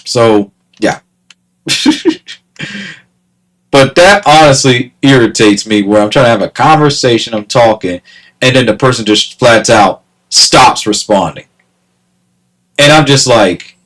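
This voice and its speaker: A man's voice: medium pitch, expressive, measured pace, long pauses, fairly bright tone, rough recording. A man ranting casually to camera, exasperated, repeating himself and breaking into laughter. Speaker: vlogger.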